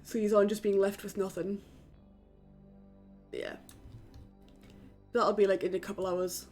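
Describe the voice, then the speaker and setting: A young woman from the UK, live-streaming a game from her flat, chatting casually with her viewers and swearing offhandedly. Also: medium pitch, measured pace, soft background music. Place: home in a flat.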